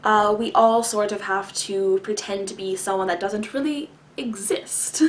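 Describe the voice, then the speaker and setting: A woman vlogger answering viewer questions in a deliberate, enunciated way, with long pauses, many filler words and some throat-clearing. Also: medium pitch. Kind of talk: casual explanatory talk to camera.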